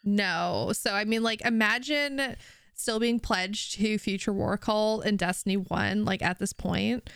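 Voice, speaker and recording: Woman co-host in casual gaming chat: slow and unhurried, gravelly fry, dry close mic, swears and giggles. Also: mid-range voice, a bit bright, dry recording. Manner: giggly, swears freely, fillers like "like". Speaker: podcast co-host.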